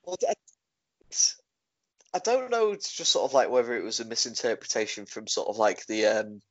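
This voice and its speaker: A man's voice: mid-range voice, sing-song, moderate pace, fairly bright tone. A man rambles through his thoughts, stacking "sort of, like" between phrases. His intonation swings widely up and down. The audio is dull and lo-fi. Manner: rambling, leans heavily on "sort of, like". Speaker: podcast co-host. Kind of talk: casual chat.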